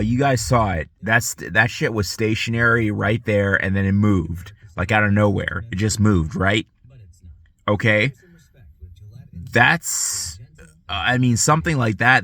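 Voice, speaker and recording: A man's voice: on the low side, normal speed, pushed and bright. A man ranting casually to camera, profane and rambling, often restarting his sentences. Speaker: vlogger.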